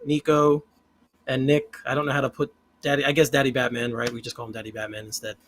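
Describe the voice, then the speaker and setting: A man's voice: mid-range voice, little pitch movement, fast talker, a little hiss or hum. A man hosting a casual live-streamed podcast, chatting and making announcements to viewers. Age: older than his co-hosts. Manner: wraps up with announcements, friendly sign-off. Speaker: podcast host.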